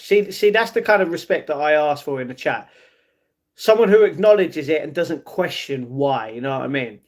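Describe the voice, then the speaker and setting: A young man chatting casually on a livestream, reading and answering his chat, often adding "you know what I mean". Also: fairly high pitch. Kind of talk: casual live-stream chat.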